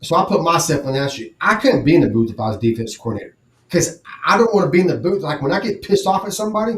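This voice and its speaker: A man with a slightly high voice talks sports in a blunt, cursing, animated way. His voice carries a noticeable room echo. He sounds like a casual podcast co-host. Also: rapid-fire. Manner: profane, blunt, animated storytelling. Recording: roomy echo.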